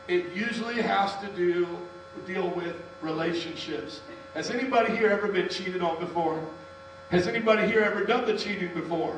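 A man's voice: high voice, fairly bright tone. A man preaching a sermon as pastor, telling a personal story and calling on the congregation to respond. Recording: echoey hall from far off, mains hum.

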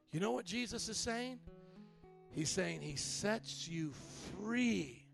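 A man's voice: high voice, animated, takes it slowly, gravelly, a bit bright, faint music behind. A man preaching a sermon as pastor, repeating key lines and calling on the congregation to respond. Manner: repetitive preaching with call-and-response.

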